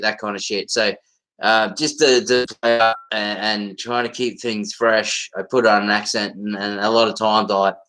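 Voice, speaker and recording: A man with a strong Australian accent talks loosely on a livestream, his voice bright and forward. He rambles and swears freely, and his speech is full of fillers and restarts. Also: on the low side, flat delivery, normal speed, rough recording. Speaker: livestream host. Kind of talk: casual livestream chat.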